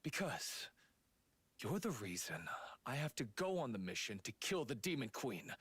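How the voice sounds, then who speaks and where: Resentful young swordsman for a story game; husky, close dry sound, blunt delivery. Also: medium pitch, sing-song, moderate pace, a bit bright, no room sound. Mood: bitter. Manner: cold and blunt. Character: stern young male noble swordsman, resentful.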